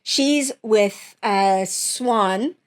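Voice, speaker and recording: A woman's voice: medium pitch, very slow. A woman hosting her channel, chatting casually at home about viewer theories, rambling with many fillers and restarts. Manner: rambling, lots of fillers and self-corrections. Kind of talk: casual reaction chat.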